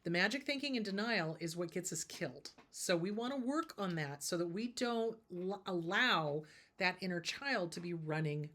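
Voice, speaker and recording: A woman's voice: on the low side, expressive, normal speed, a bit bright. A woman therapist hosting a show, giving advice in a casual, emphatic way and repeating her key points. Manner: emphatic and repetitive, drives points home.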